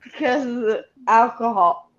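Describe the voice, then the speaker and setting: A woman's voice: a little high, measured pace, fairly bright tone, lo-fi sound. A tipsy woman with hiccups, swearing casually as a guest in a group chat.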